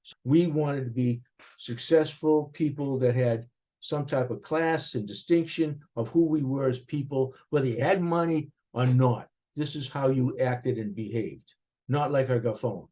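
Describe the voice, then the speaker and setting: An older man with a Boston accent recalling his upbringing in an interview, animated and rambling, with frequent restarts. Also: mid-range voice, unhurried. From Boston area, USA. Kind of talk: reflective interview recollection.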